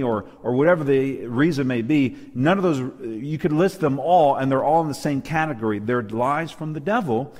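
A man's voice: mid-range voice, moderate pace, few pauses, a little mellow. Emphatic preacher man in reverberant hall. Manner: emphatic, rhetorical questions, calls for amen. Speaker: preacher co-leading a Bible lesson. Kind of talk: sermon-style Bible study. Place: church hall with live and online audience.

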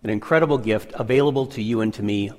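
A man's voice: fairly low pitch, fast, big-room sound. A man co-presenting a sermon, reading scripture aloud and affirming the main speaker. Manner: affirming, keeps saying "that's right". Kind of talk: sermon dialogue.

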